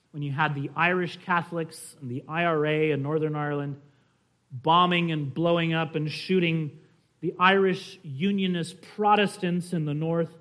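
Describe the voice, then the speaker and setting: A man preaches a sermon from the pulpit. His voice sits a little higher than most men's, and he speaks earnestly, turning often to address his listeners directly. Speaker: pastor. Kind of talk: sermon with storytelling.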